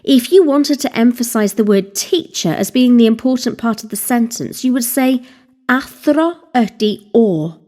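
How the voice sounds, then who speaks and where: Woman tutor, mellow higher voice, deliberate scripted lesson delivery. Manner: slow, deliberate, spelling out vocabulary. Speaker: Welsh language teacher. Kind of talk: scripted instructional narration.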